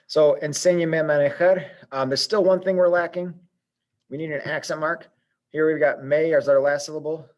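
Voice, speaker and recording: Patient male teacher, methodical step-by-step explainer, middle-pitched voice. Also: dull audio. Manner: patient, methodical, thinks aloud with fillers. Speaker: Spanish teacher.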